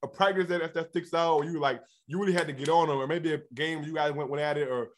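A man hosting a podcast, asking questions in a slangy, animated way and repeating his words as he goes. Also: fairly high pitch, fast talker. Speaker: podcast host. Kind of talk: casual chat.

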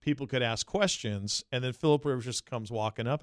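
An animated man co-hosting a casual sports podcast, with a medium-pitched voice. He tells stories with gusto and leaps up high when he quotes people. His voice sounds close and dry, with no room echo. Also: brisk, smooth. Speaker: podcast co-host.

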